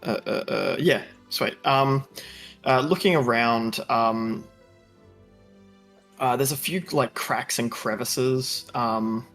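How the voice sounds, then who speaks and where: A man runs a tabletop game at an unhurried, drawn-out pace, his voice rough with fry. He narrates haltingly, peppering every phrase with ums and uhs, while faint music plays behind. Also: medium pitch, a bit bright. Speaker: game master.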